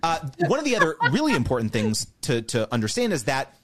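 A man being interviewed on a podcast, explaining step by step in an animated way. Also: medium pitch, quick pace. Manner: animated, explains step by step, mimics others' voices. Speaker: guest, creator business educator.

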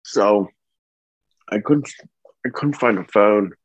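A man telling the story of his wife's death and caring for their baby, speaking in an earnest, halting, somber way. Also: lowish voice, breathy edge, no room sound. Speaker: bereaved husband and father telling his story. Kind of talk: personal testimony. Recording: dull, dry lo-fi recording.

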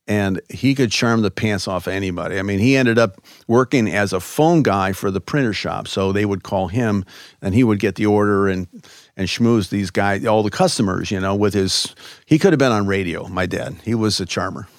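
A man from Chicago, a guest in an interview, telling stories in a loose, animated way with many fillers. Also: on the low side, moderate pace, dry recording, studio quality. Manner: animated, lots of "you know" fillers. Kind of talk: conversational interview storytelling.

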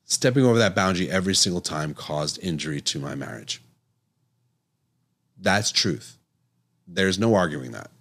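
A middle-aged man with a low, deep voice talks through medical research in a relaxed, conversational monologue. He is earnest and now and then slips into quick acted bits of dialogue. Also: vocal fry. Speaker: physician podcast host. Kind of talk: casual educational monologue.

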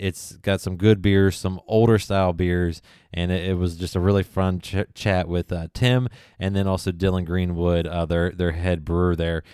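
A man's voice: low voice, darkish tone, clean tone, no room sound, clean studio sound. A man hosting a podcast, introducing past episodes in a casual, enthusiastic way with plenty of "uh"s. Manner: enthusiastic, chatty with many fillers. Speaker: podcast host. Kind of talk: casual recap narration.

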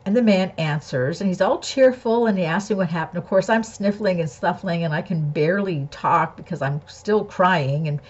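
Lady with a low husky voice, earnest storytelling, kinda dull lo-fi sound. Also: moderate pace, hardly any pauses. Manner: earnest, candid, lesson-drawing. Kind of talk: personal storytelling and spiritual talk.

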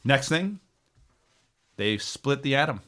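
A man's voice: medium pitch, expressive, takes it slowly, fairly bright tone. A man co-hosting a podcast, reading through a list of facts in a casual, joking way. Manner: reads a list with jokes and stumbles. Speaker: podcast co-host, researcher.

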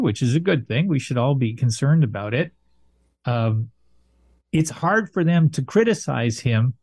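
Measured male political analyst, dry sound. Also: medium pitch, darkish tone, no room sound. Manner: measured, thoughtful, frequent fillers. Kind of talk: casual political commentary.

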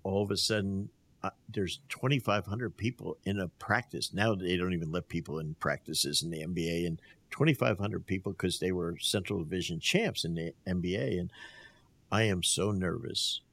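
A man's voice: sits low, normal speed. An older man in his sixties from New Jersey, a basketball coach telling stories as a guest in a casual interview, acting out quotes and laughing often. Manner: animated storyteller who acts out quotes, laughs often.

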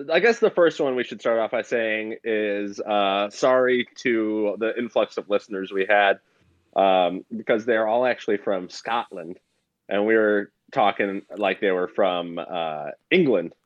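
A young man co-hosting a podcast in casual chat, offhand and wry, often pausing on fillers. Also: on the low side, no room sound, highs cut off. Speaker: podcast co-host.

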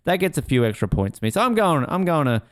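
Excitable podcast host who swears freely and mimics people mid-story; smooth tone. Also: male voice, fairly high pitch, fast, no room sound, studio quality. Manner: excitable, swears, acts out quotes in voices. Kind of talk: casual chat.

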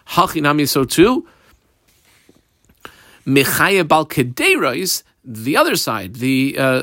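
Reading Aramaic passages aloud and translating them in stride, a man runs a daily Talmud class, talking about the underlines and notations on his page with frequent fillers. His mid-range voice is gravelly and a bit bright, with clean studio sound and no echo.

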